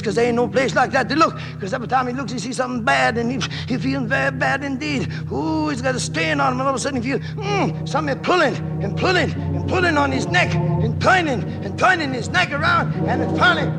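A man telling a story in rhythmic hipster slang, swinging from hushed asides to shouts. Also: very high voice, creaky, big-room sound. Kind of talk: jazz-hipster spoken storytelling.

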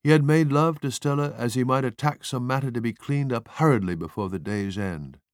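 A man narrating literary fiction as an audiobook, measured and expressive. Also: medium pitch, dry recording, studio quality.

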